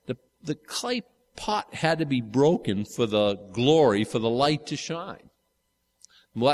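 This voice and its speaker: A man in his fifties preaching a casual, conversational sermon, rambling with restarts and asides. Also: medium pitch. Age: 50s. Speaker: pastor. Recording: long hall reverb.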